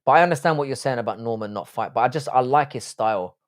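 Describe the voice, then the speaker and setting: A man's voice: medium pitch, fast talker. Blunt, profane man on a live stream. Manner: blunt and profane, musing aloud. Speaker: live-stream host reading chat. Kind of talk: casual live-stream chat.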